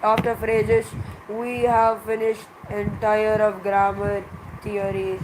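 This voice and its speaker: A teacher giving a grammar revision lesson, explaining slowly and in measured steps with many pauses. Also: mid-range voice, completely flat delivery, noisy background.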